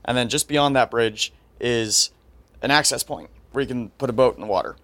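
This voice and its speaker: A man's voice: medium pitch, lively intonation, normal speed, a bit bright, no room sound. A man telling a story in a casual podcast chat, setting out the details step by step.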